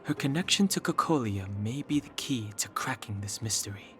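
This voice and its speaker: An actor voicing a calm, thoughtful man in a game, speaking in a measured, reflective way. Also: medium pitch, over music, close to an everyday voice.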